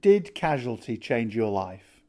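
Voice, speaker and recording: A man interviewing a guest, asking measured, polite leading questions. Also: medium pitch, big pitch swings, warm tone.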